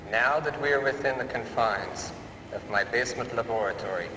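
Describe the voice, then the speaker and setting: A man's voice: medium pitch, natural voice. A man playing a pompous cabbage magnate, fake German accent. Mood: grandiose. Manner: pompous, self-important, prone to panic. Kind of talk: 1970s amateur mockumentary acting. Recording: distant, noisy 1970s field recording.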